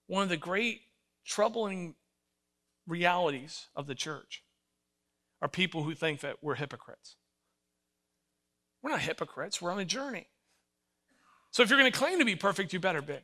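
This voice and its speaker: A man's voice: sits high, measured pace, long pauses. An older man preaching a sermon, telling stories with emphasis and acting out voices. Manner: animated storytelling, acts out voices, emphatic. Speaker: pastor.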